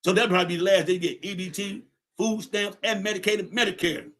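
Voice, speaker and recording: A man hosting his own podcast livestream, in the middle of a heated, profane rant. He talks in a somewhat high voice, confronting his viewers directly and repeating lines to drive them home. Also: steady tone, fast, fairly bright tone. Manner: angry, profane, repetitive, confrontational. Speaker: podcast host. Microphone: livestream setup.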